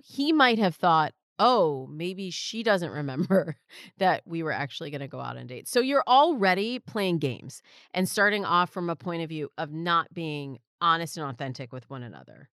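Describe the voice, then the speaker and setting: A woman's voice: medium pitch, fairly bright tone, smooth, dry recording, clean studio sound. A woman hosting an advice show, answering a listener's letter in a frank, conversational way. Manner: frank, conversational, gives pointers directly. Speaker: dating advice host.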